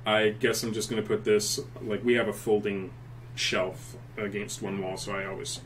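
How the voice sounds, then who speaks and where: A man's voice: fairly low pitch, completely flat delivery, moderate pace, fairly bright tone. Man chatting off-mic. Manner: chatty, jumps in with his own stories. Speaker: podcast co-host. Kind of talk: casual chat. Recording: distant mic with faint noise.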